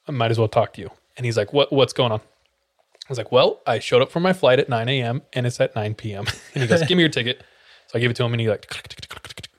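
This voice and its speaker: A young man recounts a story as a podcast co-host, with animated delivery. He breaks into quick voices and sound effects for the people in it. The talk is loose and casual. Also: medium pitch, no echo, studio quality. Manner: animated, acts out quotes with sound effects and laughs.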